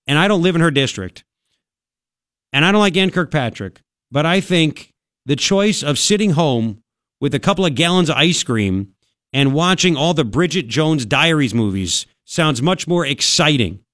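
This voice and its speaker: Animated man on talk radio, dry studio sound. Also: a little high, normal speed, no echo. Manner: animated, conversational, mocking impressions of others. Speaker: radio talk show host. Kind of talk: political talk radio monologue.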